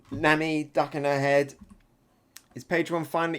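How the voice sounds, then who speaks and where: Excitable man reacting live. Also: fairly high pitch, a little slow, clean tone. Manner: excitable, laughs often, reads panels aloud. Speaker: manga reaction reviewer.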